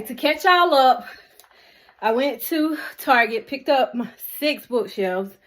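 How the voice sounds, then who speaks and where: A woman chatting casually to her viewers in a home DIY vlog, laughing often as she talks. She records on a camera on a selfie stick inside a small walk-in closet. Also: on the high side. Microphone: camera on a selfie stick or mini tripod.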